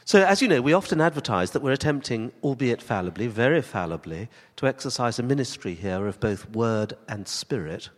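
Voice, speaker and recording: Pastor preaching a sermon, very lively up-and-down voice, long echo of a big church. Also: male voice, medium pitch. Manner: animated preacher, rising emphatic questions then soft, slow, falling emphasis.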